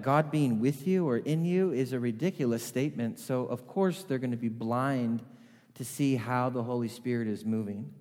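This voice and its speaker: A man's voice: medium pitch, darkish tone. Brief: male preacher, mid-range voice, chatty storytelling sermon, long hall reverb. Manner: conversational storytelling.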